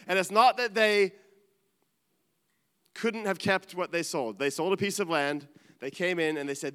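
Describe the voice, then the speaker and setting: A middle-aged man preaching a sermon, earnest and animated, dropping to quiet asides. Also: a little high, normal speed, clean tone. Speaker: pastor. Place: large church hall. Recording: reverberant church hall.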